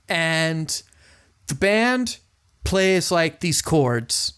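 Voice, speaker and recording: A man with a slightly higher voice co-hosts a casual podcast. He rambles along, bouncing into quoted lines and sometimes shouting them for effect. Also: expressive, drawn-out words, smooth. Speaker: podcast co-host. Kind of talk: casual chat about music.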